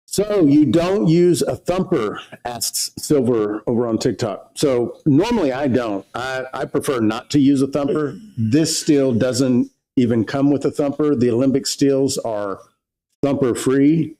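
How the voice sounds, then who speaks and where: A man's voice: mid-range voice, unhurried, dark tone, rough recording. A man co-hosting a casual livestream, reading viewer questions aloud and explaining distilling in plain terms. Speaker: livestream co-host.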